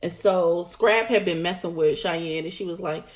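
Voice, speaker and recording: Animated slangy woman vlogger. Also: on the low side, normal speed, few pauses. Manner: animated, slangy, blunt storytelling. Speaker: vlogger recapping a reality show. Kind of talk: casual recap monologue.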